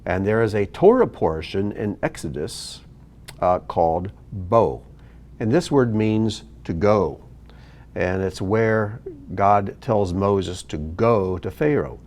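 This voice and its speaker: A man teaching a video lesson, explaining slowly and patiently. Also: lowish voice. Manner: slow, patient explaining with lively ups and downs. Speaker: Hebrew teacher.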